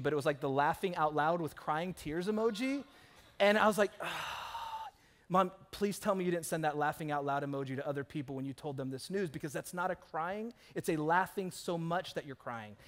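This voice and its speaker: Speaking fairly quickly in a slightly high voice, this man is a pastor delivering a sermon in the church sanctuary. He tells stories with animation, performing the voices of the characters he quotes.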